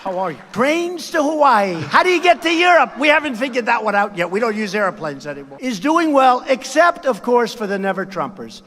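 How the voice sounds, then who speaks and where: Man doing a boastful older politician, very high voice, lively swoops, bright tone, shouty rambling. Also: fairly quick, few pauses, exaggerated voice. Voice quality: shouty, rambling, self-praising. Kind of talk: comic impression.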